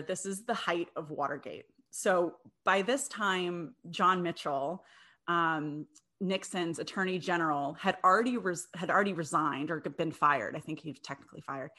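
A woman's voice: fairly low pitch, fairly bright tone. A young adult woman casually telling a history story to a co-host, chatty, often laughing, with many fillers and restarts.

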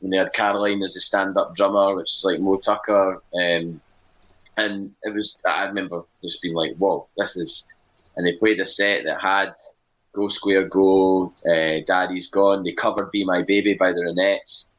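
A man's voice: low voice, level tone, normal speed, a bit bright, poor audio. A Scottish man co-hosting a podcast, telling long rambling anecdotes with many fillers in casual chat. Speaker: podcast co-host and music writer.

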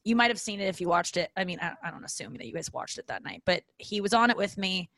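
Alone at a podcast mic, a woman in her forties delivers a loose, rambling monologue, self-deprecating and casually swearing as she drifts off track and steers back. Her lowish voice is expressive, fast and a bit bright, with close, dry sound and no echo.

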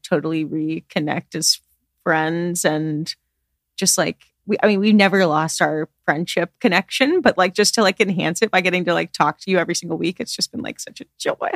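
Earnest, low-voiced woman podcast co-host. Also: dry recording, studio quality. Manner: earnest, emotional, gushing. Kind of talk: casual chat.

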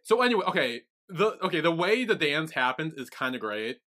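A man's voice: a little high, a little fast. A man co-hosting a podcast, casually recapping a drama episode and acting out the characters' lines. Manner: animated storytelling, acts out quotes. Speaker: podcast co-host.

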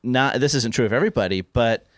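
A man's voice: medium pitch, quick pace, no echo. A man co-hosting a podcast in casual chat, making dry, wry remarks. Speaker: podcast co-host.

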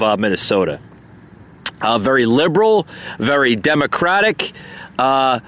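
A man's voice: a little high, a bit bright. Aggravated man hosting a political podcast. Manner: hesitant, many uh fillers, aggravated. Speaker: podcast host.

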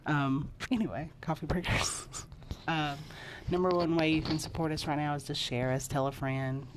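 A woman with a strikingly low voice co-hosts a relaxed podcast. She chats loosely, laughs easily and trails off with fillers, with a faint hiss under her voice. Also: normal speed. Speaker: podcast co-host. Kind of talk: casual chat.

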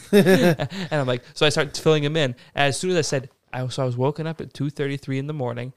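A young man on a podcast telling a story in a lively, expletive-laden, casual way. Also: fairly high pitch, fairly quick, few pauses, dry recording. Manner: animated storytelling, swears freely. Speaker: podcast participant. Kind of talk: casual chat.

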